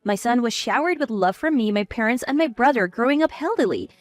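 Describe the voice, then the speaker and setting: A woman's voice: a little high, expressive, a little fast, dry recording. A woman narrating a first-person story in a cool, firm manner.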